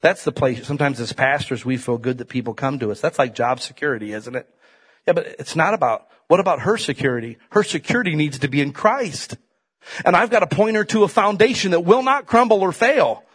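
A middle-aged male pastor preaching a folksy sermon, dropping to quiet asides and rising to loud, emphatic peaks. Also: a little high, brisk, slightly rough.

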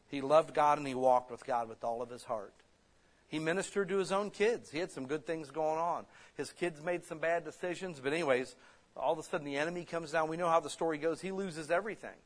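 A man preaching a sermon, conversational and animated, acting out voices as he tells stories. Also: a little high. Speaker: pastor.

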